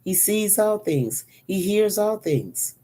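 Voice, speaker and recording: A woman's voice: mid-range voice, very animated, slow pace, warm tone. A woman prophet giving an earnest sermon, repeating phrases for emphasis and now and then dropping to a whisper. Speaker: prophet and preacher. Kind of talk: spoken sermon teaching.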